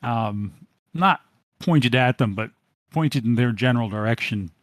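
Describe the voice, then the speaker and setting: Pria pemandu permainan yang bercerita santai. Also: male voice, medium pitch, a little slow, fairly bright tone, dry recording. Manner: rambling narration with many fillers. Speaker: game master. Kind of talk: narrating a tabletop game.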